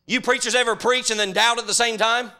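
A middle-aged man preaching a sermon, animated and humorous, acting out characters as he tells the story. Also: very high-pitched, a little fast.

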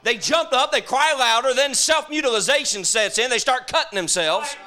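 A man preaching a sermon, moving from hushed storytelling to shouting. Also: very high voice, normal speed.

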